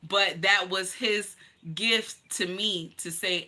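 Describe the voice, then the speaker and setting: A woman's voice: mid-range voice, steady tone, slow pace, hardly any pauses, bright, forceful tone. A woman hosting a livestream and telling her own story to viewers, blunt, emphatic and profane, calling her listeners honey. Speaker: livestream host.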